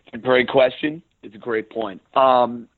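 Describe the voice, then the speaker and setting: A sports radio host with a New York accent, a rough-edged voice and an emphatic, plain-spoken way of talking, heard as an interview guest. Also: male voice, mid-range voice, a little slow, no room sound. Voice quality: rough around the edges voice. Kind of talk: interview guest, casual talk. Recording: phone line.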